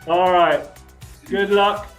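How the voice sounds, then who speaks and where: A man's voice: high voice, fairly even intonation, takes it slowly, reverberant, faint music behind, rough recording. An older man telling a rambling anecdote as an interview guest, chatty and laughing often. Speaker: actor and guest. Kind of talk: anecdotal storytelling.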